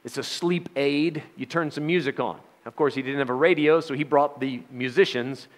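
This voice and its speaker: A man's voice: mid-range voice, moderate pace. A man preaching a sermon in a folksy, joking manner, with frequent laughs.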